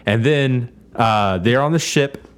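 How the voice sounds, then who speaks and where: A man co-hosting a podcast recaps a show in casual conversation, speaking slowly at a medium pitch. He peppers the recap with crude jokes and puts on mock voices.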